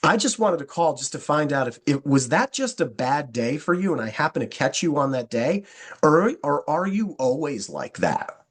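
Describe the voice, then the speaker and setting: An energetic man gives his team a pep talk on recruiting. He acts out both sides of sample phone calls in a lively way. His voice sits a little high for a man. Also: moderate pace, husky. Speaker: network marketing trainer. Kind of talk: coaching talk with sample scripts.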